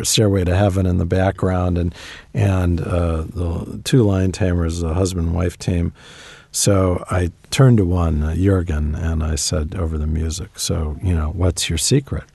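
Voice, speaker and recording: Low gravelly man telling stories. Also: warm tone, dry recording. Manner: anecdotal, conversational, emphatic asides. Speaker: guest author. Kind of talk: interview storytelling.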